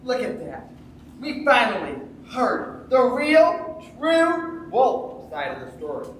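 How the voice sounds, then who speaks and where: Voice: mid-range voice, wildly swooping pitch, takes it slowly, slight background noise. A young actor playing a brash, mocking boy. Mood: cocky, folksy. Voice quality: loud, taunting, bouncy delivery. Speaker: stage actor in a school musical. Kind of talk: live stage musical acting. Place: school stage in a large hall. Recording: echoey hall from far off.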